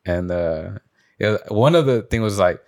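A young man with a notably low, deep voice chats loosely on a podcast. He rambles through his stories with plenty of fillers, restarts and swearing. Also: lively intonation, unhurried. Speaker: podcast host. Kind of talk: casual chat.

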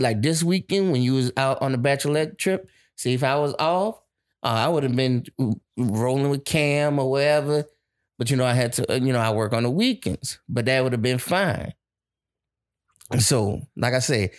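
A man co-hosting a casual couple's chat, blunt and profane as he tells stories. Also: mid-range voice.

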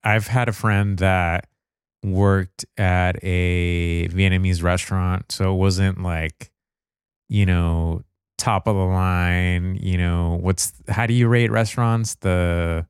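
A young man with a very deep voice chats about a film. He talks in a measured way and fills pauses with "you know." The sound is smooth and dry. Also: steady tone, no echo. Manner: measured, hesitant, uses fillers like "you know". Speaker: podcast co-host. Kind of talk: casual chat reviewing a film.

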